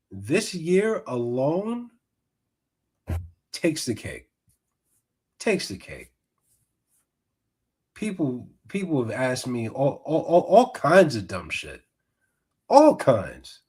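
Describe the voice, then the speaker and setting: A man hosting a podcast, giving animated, mocking reaction commentary. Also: medium pitch, slightly rough. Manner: animated, mocking, swings between mutters and outbursts. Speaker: podcast host.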